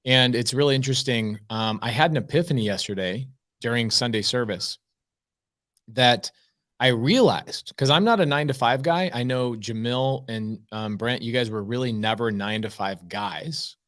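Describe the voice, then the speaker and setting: A man's voice: mid-range voice, expressive, moderate pace, fairly bright tone. A man co-hosting a live podcast, talking earnestly and rambling with frequent ums. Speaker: co-host. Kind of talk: casual live podcast chat.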